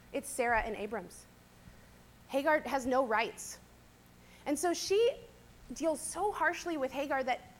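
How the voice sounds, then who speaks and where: High-voiced woman giving a chatty Bible talk. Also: a little hiss or hum. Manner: chatty, conversational, often adds "right?" and "kinda". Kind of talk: casual Bible teaching talk.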